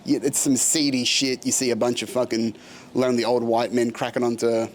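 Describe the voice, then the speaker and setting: A young Australian man hosting a casual solo vlog, ranting in an animated and profane way. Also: mid-range voice, a little fast, a little hiss or hum. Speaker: podcast host.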